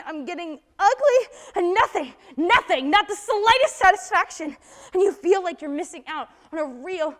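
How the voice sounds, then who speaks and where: A woman voices a young woman in her twenties, worn down and despairing, who speaks with intense feeling. Her voice sits very high. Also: fairly bright tone. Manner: intense, emotional delivery. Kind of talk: amateur stage drama.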